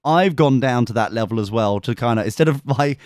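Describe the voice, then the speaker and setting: With a medium-pitched voice and a brisk delivery, a podcast co-host spins a rowdy story during laid-back conversation. Animated and sweary, he acts out quotes in camp voices, captured in a dry, studio-quality recording.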